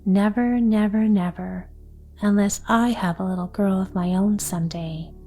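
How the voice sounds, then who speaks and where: A woman reading the part of an excitable little girl in a storybook, eager and breathless. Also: mid-range voice, moderate pace, faint music behind, natural voice. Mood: passionate.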